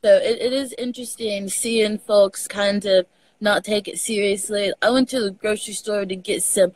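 A woman's voice: mid-range voice, fairly even intonation, normal speed, darkish tone, no echo, poor audio. A woman with a Texas accent, chatting casually on a video call and telling stories with the odd swear word. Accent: Texan. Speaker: guest. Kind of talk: casual chat over a live video call.

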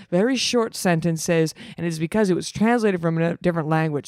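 A woman's voice: low voice, no room sound, clean studio sound. Sarcastic woman reading a story aloud. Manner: sarcastic, deadpan asides between read lines. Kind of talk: comedic reading with sarcastic asides.

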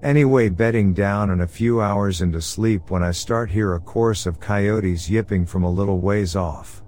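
A man narrating true scary stories sent in by listeners, in a steady, low-key storytelling manner. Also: slight background noise. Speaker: podcast narrator. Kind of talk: reading listener horror stories.

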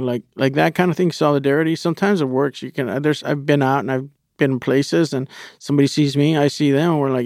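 Gravelly man telling a raw story. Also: a little high, quick pace, no echo, studio quality. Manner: candid and profane, acting out his own inner voice. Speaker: interview guest telling his story. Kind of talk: personal storytelling.

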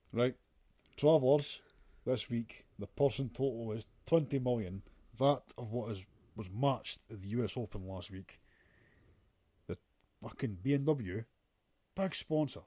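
A man's voice: medium pitch, warm tone, no echo. A man co-hosting a casual podcast chat, blunt and sweary, ranting with plenty of filler. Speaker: podcast co-host.

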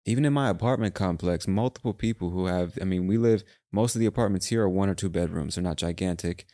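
Young guy ranting on his podcast, swears a lot, deep mellow voice, dry close sound. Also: quick pace, no room sound. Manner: rambling, profane, ranting. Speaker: podcast host. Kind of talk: casual solo monologue.

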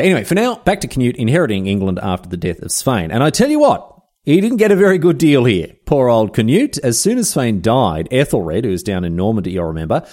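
Lively man telling history. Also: lowish voice. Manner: chatty and irreverent, full of slang asides. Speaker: podcast host. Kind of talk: casual history storytelling.

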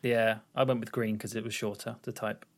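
A man's voice: on the low side, flat delivery, fairly quick. A man co-hosting a podcast, reacting to a film recap with chatty, amused asides. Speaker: podcast co-host. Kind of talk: casual film chat.

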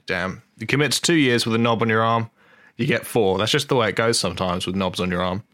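A man's voice: lowish voice, quick pace, a bit bright, no room sound, studio quality. A man hosting a podcast, reading a news story aloud in casual comic chat, wry and freely swearing, stumbling and rereading lines. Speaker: podcast host.

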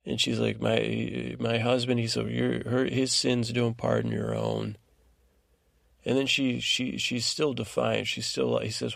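Flat gravelly man rambling a bedtime recap. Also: unhurried, dry recording, clean studio sound. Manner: meandering, drowsy, low-key storytelling with fillers. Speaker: podcast host.

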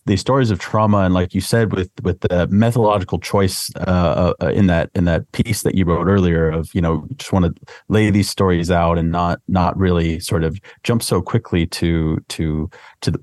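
A man hosting a podcast interview, putting a long question to his guest with halting phrasing, many restarts and fillers. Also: low voice, darkish tone, no room sound. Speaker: podcast host.

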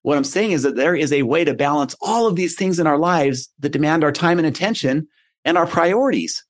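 Middle-aged guy hosting a self-help podcast, earnest storyteller, slightly high voice. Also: expressive, fairly quick. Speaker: podcast host. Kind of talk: motivational podcast monologue.

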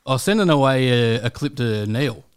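Brief: young Australian man, quick casual storyteller, heavy swearing. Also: mid-range voice, expressive, clear, resonant tone. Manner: rambling, swears a lot, acts out quotes. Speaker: guest comedian. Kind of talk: casual podcast chat.

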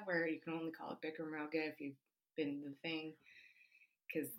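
A woman's voice: low voice, fairly quick, sharp tone, low-quality recording. A woman co-hosting a podcast, chatting casually about history with many fillers and frequent laughs. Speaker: podcast co-host. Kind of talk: casual chat.

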